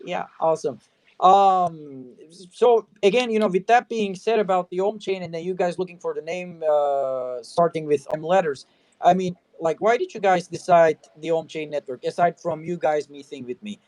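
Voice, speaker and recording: A man's voice: fairly high pitch, moderate pace, a little mellow, no echo. A man hosting a casual interview, talking loosely and filling his sentences with "you know" and "I mean". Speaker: talk show host.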